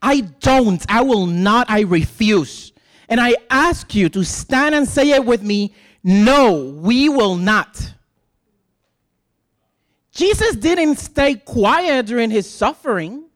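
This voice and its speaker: A man's voice: extremely high pitch, expressive, measured pace, a bit bright, dry recording, studio quality. Impassioned Puerto Rican man preaching. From Puerto Rico. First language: Spanish. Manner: earnest, emphatic, rhetorical questions. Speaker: lay preacher addressing a congregation. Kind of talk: impassioned sermon.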